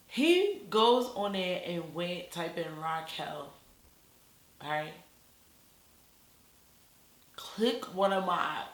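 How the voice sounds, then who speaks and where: Young baltimore girl doing a storytime vlog, rambly, lots of "like", bright voice. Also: lowish voice, reverberant. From Baltimore, USA. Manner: animated, rambling, lots of "like" and slang. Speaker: YouTuber.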